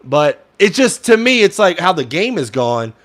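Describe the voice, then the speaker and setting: A man's voice: sits high, big pitch swings, moderate pace, a bit bright. A young man giving casual fan play-by-play commentary, frustrated and ranting at the play calling, sometimes swearing.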